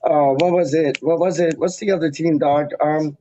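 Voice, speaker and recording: A man's voice: on the high side, fairly even intonation, normal speed, warm tone, a little hiss or hum. A man hosting a casual chat, telling rambling stories with slang and laughter. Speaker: podcast host. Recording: dry, dull lo-fi sound.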